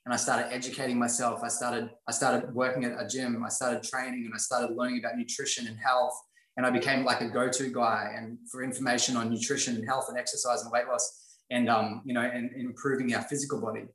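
A man's voice: medium pitch, flat delivery, a little fast, a bit bright. A man sharing his life story in an earnest, motivational way, often repeating phrases for emphasis. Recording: roomy echo.

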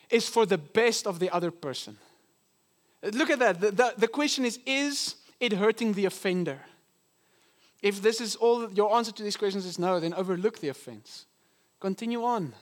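Man, pastor, sermon, high-pitched voice, earnest teaching tone. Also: a bit bright. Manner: earnest, teaching, often slows for emphasis. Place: church.

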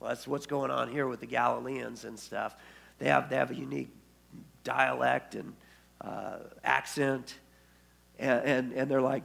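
A man's voice: medium pitch, steady tone, unhurried, gravelly, fairly bright tone. A man preaching a sermon as pastor, telling the story and acting out the quoted speech. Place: church.

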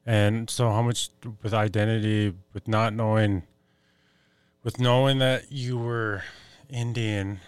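Low, flat-toned man hosting a podcast. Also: clean tone, no room sound. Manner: halting, rephrases questions as he speaks. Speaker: podcast host. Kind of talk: conversational interview questions.

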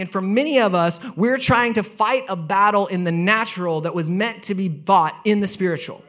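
A pastor in his thirties with a notably high voice for a man preaches to his congregation. He moves between relaxed storytelling and emphatic, repeated points. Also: moderate pace, few pauses. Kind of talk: sermon with personal story.

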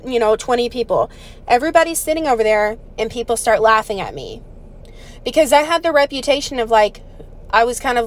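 A young woman with a slightly high voice tells a personal story straight to the camera. She rambles, fills her talk with "like," and swears freely as she gets worked up. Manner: rambling, animated, full of "like" and swearing. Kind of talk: casual storytime monologue.

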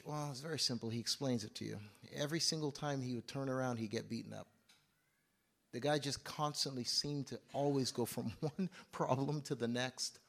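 A man preaching a live sermon to a congregation, moving from low asides to loud outbursts and often asking the audience questions. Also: gravelly. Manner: conversational, asks the audience questions. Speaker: pastor. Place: church service.

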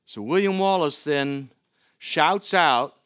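A middle-aged man preaching a sermon to his church, earnest and given to halting restarts. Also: fairly high pitch, fairly bright tone, clean tone, dry recording, studio quality. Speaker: pastor.

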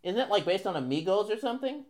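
A man's voice: sits high, big pitch swings, quick pace, darkish tone. A man co-hosting a comedy podcast, bantering in a teasing, matter-of-fact way. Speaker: co-host. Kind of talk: casual banter.

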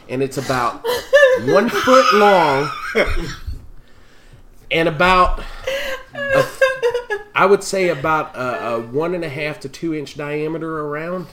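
A man's voice: fairly high pitch, noisy background. A man telling a crude, profane story to friends, often laughing as he talks. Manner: profane, laughing through his own story. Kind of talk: casual storytelling among friends.

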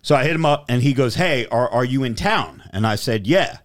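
Speaking at medium pitch and a fairly quick clip, a man hosting a podcast spins a casual story packed with profanity, voicing the dialogue himself in an animated way.

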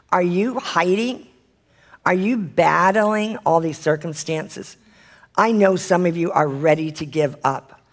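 Reading scripture aloud in a medium-pitched voice, a Bible study leader preaches and earnestly puts direct questions to listeners, occasionally stumbling and correcting himself.

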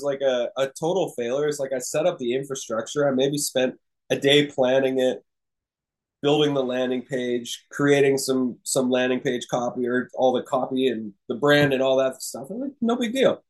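A man's voice: a little high, poor audio. A man hosting a podcast, giving casual, encouraging coaching talk to entrepreneurs, rambling with fillers and restarts. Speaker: podcast host and business coach. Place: room with a live audience.

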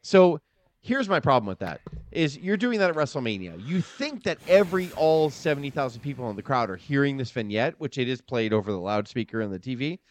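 A man's voice: medium pitch, very animated, brisk, a little hiss or hum. A man in his thirties co-hosting a casual, profane wrestling podcast, ranting about matches with lots of swearing. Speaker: podcast co-host.

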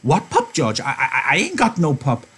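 A man's voice: fairly high pitch, huge pitch swings, moderate pace, a bit bright, breathy edge, voice pushed up, heavily acted. A man reading aloud as a simple-minded, childlike farmhand who stammers and pleads. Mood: timid.

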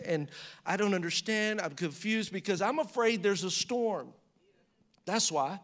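Guy with a high voice preaching, chatty, keeps asking the crowd questions, gets loud acting out prayers. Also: moderate pace. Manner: conversational preaching with rhetorical questions to the audience; acts out prayers and quotes with rising pitch and volume. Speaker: pastor. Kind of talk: sermon.

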